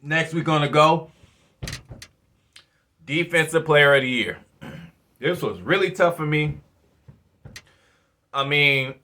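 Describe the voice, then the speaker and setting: A man hosting his own fan channel, giving casual football commentary in a profane, rambling, animated way. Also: medium pitch. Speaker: sports fan channel host.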